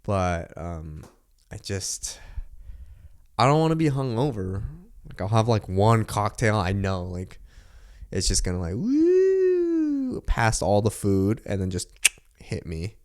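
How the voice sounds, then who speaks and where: A young man with a somewhat low voice talks in a loose, rambling way, full of filler words and quick laughs. He sounds like a podcast host chatting casually at home. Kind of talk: casual chat.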